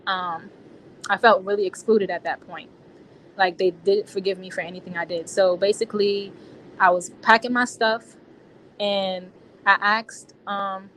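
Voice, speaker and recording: A woman's voice: medium pitch, a bit bright, slight background noise, low-quality recording. A woman being interviewed, recounting a personal experience in casual, slangy speech with frequent restarts.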